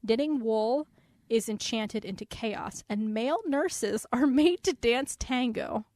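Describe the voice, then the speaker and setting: Animated woman cohost on a book podcast, bit high voice, laughs a lot, dry close mic. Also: slow, no echo. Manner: animated, laughs often, exclaims loudly. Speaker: podcast co-host. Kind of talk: casual book-discussion podcast.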